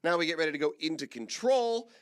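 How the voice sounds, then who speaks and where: A man casting a live esports show match in a lively, jokey way, now and then mimicking a whiny viewer. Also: on the high side, fast, clean tone, dry recording, clean studio sound. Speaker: esports caster.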